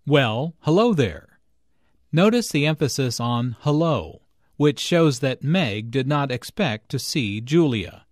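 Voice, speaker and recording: A male teacher explains everyday phrases slowly and patiently. His voice is a bit high with a lively rise and fall, recorded dry and close. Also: no echo. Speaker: English teacher. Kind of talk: scripted narration.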